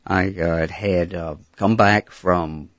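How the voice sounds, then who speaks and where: An older man and former disc jockey, recalling his start hesitantly in a radio studio interview with many pauses. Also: sits low, steady tone, no echo, lo-fi sound. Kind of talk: casual interview.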